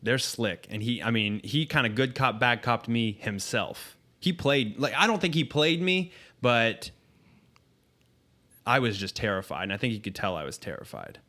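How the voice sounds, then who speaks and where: A man as a podcast guest, telling a candid, profane story in a casual, halting way with frequent ums. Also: mid-range voice, lively intonation, pushed and bright.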